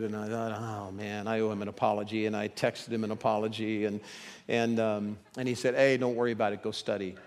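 A male pastor preaching a sermon, shifting from hushed, slow passages to loud, animated storytelling and acted-out quotes. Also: mid-range voice, long reverb tail. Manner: dramatic swings from hushed to loud, acts out quotes.

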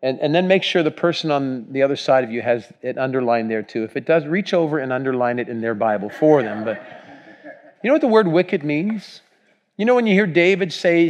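A man's voice: on the high side, a little mellow. A man preaching a sermon, reading scripture aloud with emphasis and putting questions to his congregation. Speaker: pastor. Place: church.

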